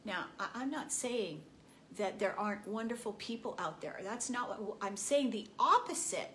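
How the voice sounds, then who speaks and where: A woman giving a motivational spiritual talk, deliberate and often laughing as she acts out everyday examples. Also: medium pitch, animated, fairly bright tone, slight background noise. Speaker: spiritual speaker.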